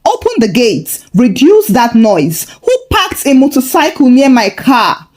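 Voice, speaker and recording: A woman's voice: on the high side, big pitch swings, measured pace, darkish tone. A woman doing a stiff, snobbish young man with a posh accent. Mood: haughty. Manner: curt, formal and commanding.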